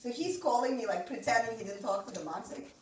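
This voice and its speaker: A woman's voice: a little high, lively intonation, quick pace. A woman telling comic stories in a casual way, laughing often and acting out the voices of her family. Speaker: storyteller. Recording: roomy sound from a distant mic, faint noise.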